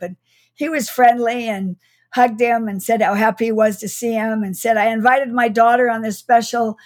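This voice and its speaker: Higher-voiced woman telling a childhood story. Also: fairly even intonation, moderate pace. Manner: warm, reflective, with soft laughs and restarts. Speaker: guest author. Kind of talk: storytelling in an interview.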